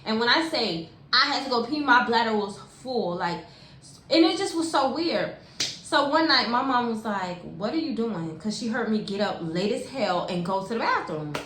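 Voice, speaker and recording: A young woman with a fairly high voice tells a personal story in a loose, slangy and animated way, talking straight to her viewers. The sound has a roomy echo with a faint hiss behind her. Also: normal speed. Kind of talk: casual storytime vlog. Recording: echoey room with faint hiss.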